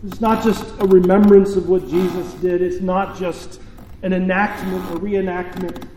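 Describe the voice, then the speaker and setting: A man preaching a sermon as pastor, telling a story slowly and deliberately with dramatic pauses. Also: high voice, a little mellow, a little hiss or hum. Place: church sanctuary. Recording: echoey church with long reverb.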